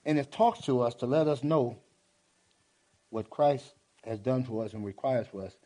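A man's voice: mid-range voice, normal speed, dark tone. A man preaching a sermon in a folksy, exclaiming way. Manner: folksy, exclaiming, prone to laughter.

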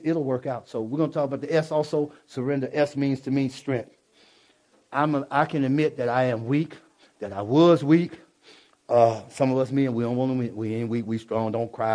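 A man giving a fervent preaching testimony in church, casual and repetitive, swinging from hushed asides to loud exclamations. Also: medium pitch.

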